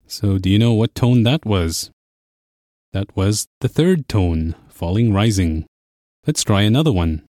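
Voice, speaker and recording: Patient male language teacher, lowish voice. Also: expressive, unhurried, dark tone, dry recording, studio quality. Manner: clear, patient explaining. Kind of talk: scripted lesson narration.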